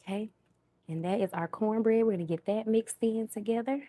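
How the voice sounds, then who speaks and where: A woman's voice: on the high side, brisk, noisy background. A woman with a Southern US accent, chatting casually with viewers as she cooks dinner live in her home kitchen, talking to them like friends. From Southern United States. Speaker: home cooking livestream host. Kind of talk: casual live cooking chat. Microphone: new microphone.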